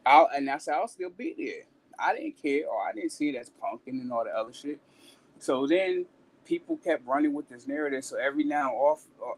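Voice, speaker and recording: A man in casual chat on a talk stream, telling a story bluntly with plenty of swearing and animated delivery. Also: on the high side, poor audio.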